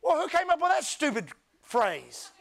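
A male pastor preaching a sermon at a church service, often building to shouts and calling for the congregation to answer back. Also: very high voice, huge pitch swings, normal speed. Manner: preaching, often rising to shouts with crowd call-and-response.

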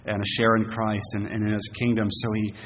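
A man's voice: on the low side, flat delivery, brisk. A male pastor preaching an expository sermon, earnest and emphatic, with frequent fillers and restarts. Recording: long reverb, faint hiss.

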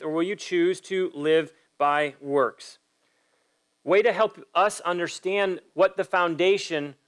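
A man's voice: high-pitched, fairly bright tone. A man preaching a sermon as pastor, emphatic and direct, putting pointed questions to his listeners. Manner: acts out quoted voices in a story.

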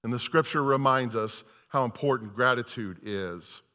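Bright-voiced male pastor preaching. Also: mid-range voice, normal speed. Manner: conversational preaching, repeats words and restarts often. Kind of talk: sermon. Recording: long hall reverb.

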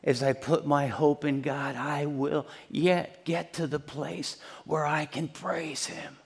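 A man pastor preaching a sermon, swinging between hushed, near-whispered lines and loud, emphatic ones. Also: on the high side, fairly even intonation, slow, gravelly, breathy edge, big-room sound.

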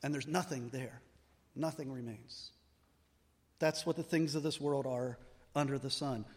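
A man's voice: mid-range voice, fairly even intonation, a little slow, a little mellow. A man preaching an expository sermon, explaining word meanings and asking rhetorical questions. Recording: long hall reverb.

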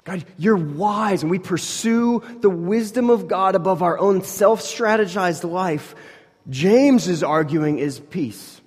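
In a reverberant hall, a pastor with a high voice and lively intonation preaches a sermon slowly. His delivery is conversational, swinging from hushed to loud, with many "like" fillers.

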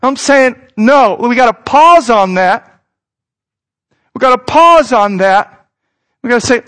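A man's voice: very high voice, animated, slow pace, long pauses, a bit bright, clean tone. A man in his thirties, a pastor, preaching a sermon in an earnest, conversational way that speaks straight to his listeners.

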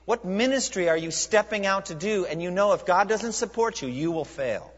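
Emphatic preacher in a reverberant hall. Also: male voice, sits high, animated. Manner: emphatic, rhetorical questions, dramatic pauses. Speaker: pastor. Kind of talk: sermon. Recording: muffled recording in a reverberant hall.

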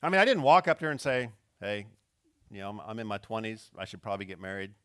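A man's voice: fairly low pitch, sing-song, fast talker, a bit bright, smooth. A man preaching a sermon who tells a story and acts out its quotes, with his intensity rising and falling. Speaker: pastor.

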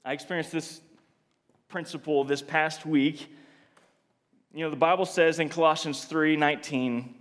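A man preaching a sermon in an earnest, confessional way, often restarting his sentences and moving between soft and emphatic delivery. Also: a little high, big-room sound.

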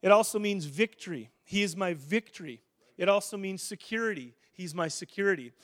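Guy preaching, kinda high voice, chatty and fired up, keeps restarting lines. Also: a little fast. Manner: animated, conversational preaching with restarts. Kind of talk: sermon.

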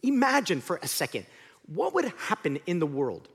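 A male pastor preaching a sermon, telling the story with lively acted-out voices. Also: high voice, moderate pace, husky. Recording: long hall reverb.

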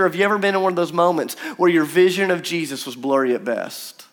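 A young man preaching a sermon in a conversational, animated way, acting out the quotes he tells. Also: sits high, fairly quick. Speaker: pastor.

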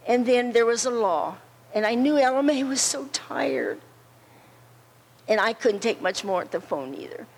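A woman telling an earnest story as a friend at a memorial service, repeating words slowly for weight. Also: a little high, expressive, a little hiss or hum, poor audio. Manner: earnest, slow and repetitive storytelling. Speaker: friend giving a tribute.

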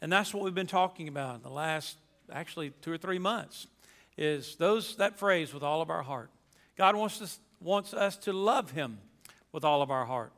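A man's voice: on the high side, expressive, moderate pace, fairly bright tone, big-room sound. A pastor preaching a sermon to his congregation, emphatic and folksy, repeating his key phrases.

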